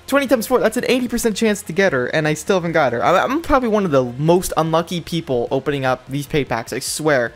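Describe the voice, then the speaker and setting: Young male gamer, frustrated pack-opening commentary, very animated pitch that cracks up high. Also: quick pace, hardly any pauses, soft background music. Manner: exasperated, ranting, voice jumping high in disbelief. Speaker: mobile game YouTuber.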